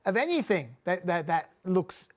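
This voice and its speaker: A man's voice: high-pitched, big pitch swings, moderate pace. An Australian man co-hosting a current affairs panel, arguing his point emphatically with a string of rhetorical questions. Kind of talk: analytical panel discussion.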